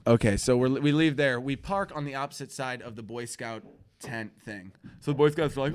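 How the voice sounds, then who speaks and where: A man's voice: mid-range voice, a little fast, clear, resonant tone. A man hosting a live internet show, telling a rambling, profane, self-mocking story. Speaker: host.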